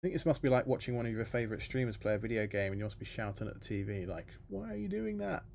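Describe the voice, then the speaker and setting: A man's voice: on the low side, fairly even intonation, rapid-fire, a little mellow. A man hosting a live stream, chatting casually with his viewers while muttering through a technical problem. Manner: muttering to himself while troubleshooting, talking to the chat. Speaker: livestream host. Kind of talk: casual live-stream chat, thinking aloud.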